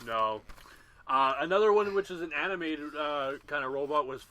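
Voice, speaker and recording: A man co-hosting a podcast, joking and teasing in quick casual banter. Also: fairly high pitch, bright, forceful tone. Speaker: podcast co-host. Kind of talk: casual chat.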